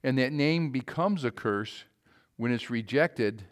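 A man preaching a sermon, with emphatic calls that swing to quiet, low asides. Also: expressive, a little slow.

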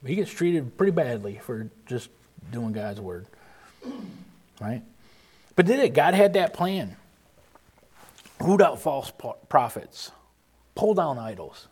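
A man preaching an informal sermon, earnest and emphatic, often restarting and pausing mid-thought. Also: medium pitch, big pitch swings, a little mellow, breathy edge. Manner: earnest, emphatic, with frequent restarts and halting pauses.

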